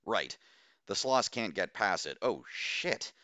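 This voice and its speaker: Blunt rifle-carrying scout, dry wit, man reading it in an audiobook, low forceful voice. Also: very animated, takes it slowly, no room sound, lo-fi sound, heavily acted. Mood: tense.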